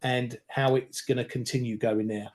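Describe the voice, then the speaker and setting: A man who is a market analyst giving his view on a live webinar, measured and wry, hedging his calls. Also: mid-range voice, little pitch movement, a little mellow.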